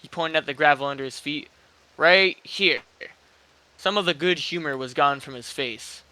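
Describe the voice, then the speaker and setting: A man's voice: fairly high pitch, fairly quick, pushed and bright. A man casually reading a spooky internet story aloud, laughing and joking between lines with a co-reader.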